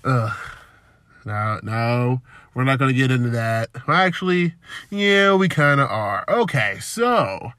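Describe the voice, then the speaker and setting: A man's voice: medium pitch, expressive, measured pace, a bit bright, no room sound, studio quality. A man hosting a solo podcast, rambling loosely and self-deprecatingly, drifting from topic to topic. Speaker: podcast host.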